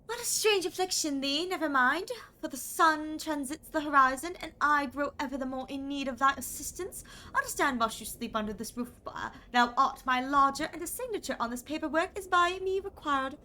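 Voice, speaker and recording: A woman's voice: sits high, lively intonation, moderate pace, bright, forceful tone. A woman voicing a formal landlord who speaks in stiff, ornate, old-fashioned English. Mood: stately.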